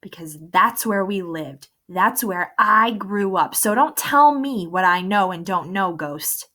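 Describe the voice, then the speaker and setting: A woman's voice: medium pitch, expressive, unhurried, pushed and bright. A woman reading the lines of a middle-aged male running coach who speaks firmly and presses his point. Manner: firm, pressing.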